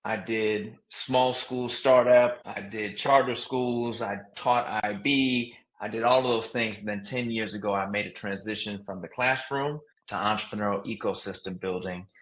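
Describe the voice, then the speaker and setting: A man speaks as a podcast guest, earnest and measured as he answers questions. His voice sits a little low, and the room adds a noticeable echo. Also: fairly even intonation, a bit bright. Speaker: podcast guest, educator and entrepreneur. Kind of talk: interview answers. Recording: echoey room.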